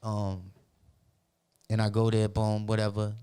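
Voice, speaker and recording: A man from Roxbury, telling animated, profane stories as a podcast guest in casual talk. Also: fairly low pitch, a little slow, smooth. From Roxbury, Boston. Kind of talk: casual storytelling.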